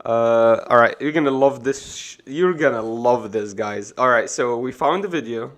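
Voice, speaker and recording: A man streaming a casual video reaction, excitable and profane, talking to his chat. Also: mid-range voice, moderate pace. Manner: excitable, profane, laughs hard.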